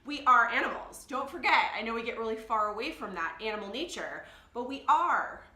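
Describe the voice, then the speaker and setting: Fairly quick and animated, this slightly high, sharp-toned woman is a life coach talking straight to her phone or camera. The confessional vlog is emotional and blunt, punctuated by laughter, and recorded with a roomy echo.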